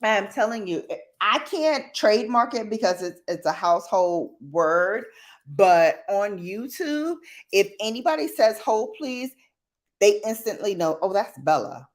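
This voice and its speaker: A woman hosting a casual late-night livestream, chatting playfully with viewers in a slangy, animated way and acting out quotes. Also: medium pitch, unhurried. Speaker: livestream host.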